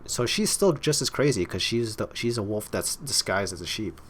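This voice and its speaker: Low-voiced man reading game text. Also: animated, normal speed, fairly bright tone, slight background noise. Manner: dramatic reading mixed with wry asides. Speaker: let's play host. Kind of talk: reading game dialogue aloud with commentary.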